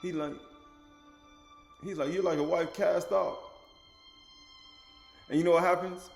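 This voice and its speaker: A man preaching with rising emphasis and plenty of rhetorical questions, his voice sitting a little high. He is loose and colloquial, and he acts out the people he quotes. An echoey room carries faint music behind him. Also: steady tone, unhurried, creaky, long pauses. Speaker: teacher. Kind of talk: sermon.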